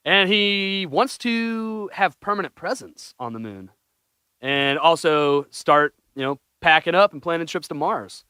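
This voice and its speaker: A young man co-hosting a casual podcast chat, excitable, laughing often and swearing casually. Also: on the high side, measured pace, smooth, no echo, studio quality. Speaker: podcast co-host.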